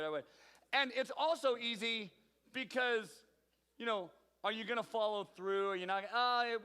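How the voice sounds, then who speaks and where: In a large hall before an audience, a youth pastor runs a youth group game, picking out teens by name and teasing them playfully. His voice sits high and sounds pushed and bright, with the space adding a long reverb.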